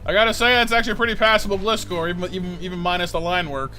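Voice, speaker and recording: A man in his thirties talks casually as he draws on a live stream. His voice sits fairly high, and he rambles, repeating and restarting words. Faint music plays in the background. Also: fairly even intonation, very fast, pushed and bright. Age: 30s. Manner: rambling, stammering, with lots of fillers. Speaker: art streamer.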